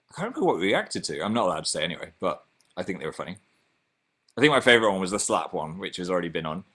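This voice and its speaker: A man's voice: lowish voice, a bit bright. A young man with a Northern English accent, casually chatting on his own livestream and reading out viewer comments in a chatty, self-mocking way. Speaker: livestream host.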